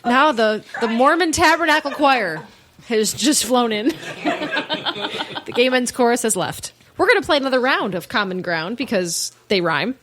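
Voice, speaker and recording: A woman's voice: a little high, lively intonation, moderate pace, fairly bright tone. A woman hosting a comedy podcast, bubbly and playful, laughing between lines. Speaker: podcast host.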